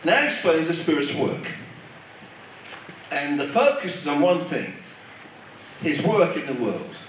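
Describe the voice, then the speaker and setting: A man's voice: fairly high pitch, sing-song, measured pace, a little hiss or hum. A man preaching a sermon, with an emphatic, repetitive cadence. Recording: echoey hall, distant mic.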